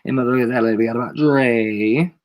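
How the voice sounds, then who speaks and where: A man's voice: medium pitch, fast talker. A man with a head cold ranting casually to a live audience, emphatic and slangy, repeating his points over and over. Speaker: channel host. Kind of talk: casual livestream rant.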